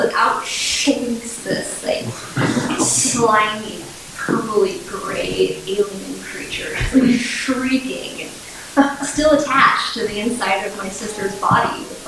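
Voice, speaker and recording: A woman's voice: medium pitch, slow, creaky, noisy background. Candid woman storyteller in an echoey room. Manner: candid, wry, laughing at herself. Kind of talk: live storytelling on stage. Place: small theater with audience. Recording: echoey room recording from far off, with music.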